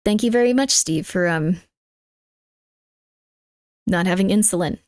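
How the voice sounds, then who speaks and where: Her voice is lowish and darkish in tone, and she speaks at a measured pace in clean studio sound with no echo. She is a woman streamer chatting casually with viewers, cooing baby talk to her cat and making playful, exaggerated mock threats.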